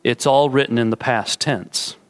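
A male pastor giving a sermon and closing in prayer, with slow, measured phrasing and drawn-out emphasis. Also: medium pitch.

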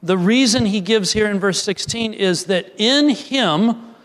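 A man preaching a sermon, earnest, rising to emphatic peaks and dropping to soft, quiet lines. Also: high-pitched, unhurried, in a large hall. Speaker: pastor.

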